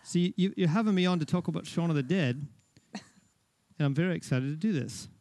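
A man's voice: fairly high pitch, level tone, very fast, mellow, no room sound, lightly acted. A man on a podcast putting on a playful, theatrical fake British accent. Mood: jokey. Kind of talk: podcast banter.

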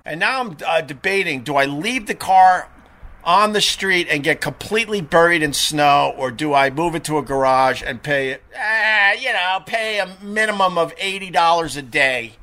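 A man's voice: fairly high pitch, moderate pace. A middle-aged man hosting a live stream, telling rambling casual stories with lots of fillers and restarts. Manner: chatty, animated anecdotes with frequent fillers and restarts.

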